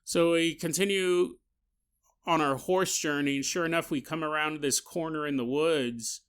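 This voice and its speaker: A man telling a comic story as a podcast host. His voice is high and bright, and he talks in an animated, joking way with laughing asides. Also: normal speed, smooth. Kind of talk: comedic storytelling.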